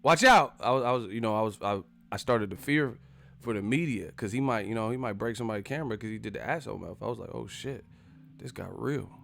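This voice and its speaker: A man hosting a live stream, profane and animated, acting out the people he talks about. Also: lowish voice, fast talker, creaky, slight background noise. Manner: profane, animated, acts out quotes. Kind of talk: casual live-stream commentary.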